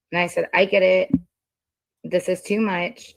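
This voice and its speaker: A woman reading old messages aloud on a casual stream, halting with many ums. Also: on the low side, little pitch movement, vocal fry, no echo, low-quality recording.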